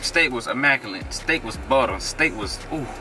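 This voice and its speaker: A man's voice: mid-range voice, lively intonation, moderate pace, bright, forceful tone, roomy sound. A young man co-hosting a casual couple's vlog, teasing and joking in slangy talk. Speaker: vlog co-host.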